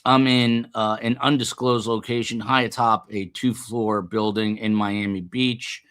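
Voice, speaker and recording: Male livestream host, rambling, low voice, casual live commentary. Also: flat delivery, unhurried, fairly bright tone, clean tone. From United States. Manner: rambling, chatting with viewers. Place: upper floor of a building.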